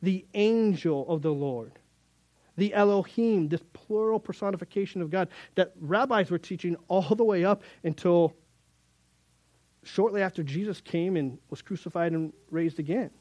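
Male pastor, sermon delivery, higher-pitched voice, animated and direct. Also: moderate pace, no room sound. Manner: animated, acts out quotes, addresses listeners as guys. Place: room with young audience.

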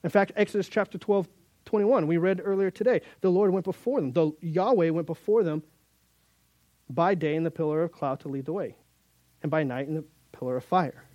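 Male pastor, sermon delivery, higher-pitched voice, animated and direct. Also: a little fast, dry recording, highs cut off. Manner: animated, acts out quotes, addresses listeners as guys. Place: room with young audience.

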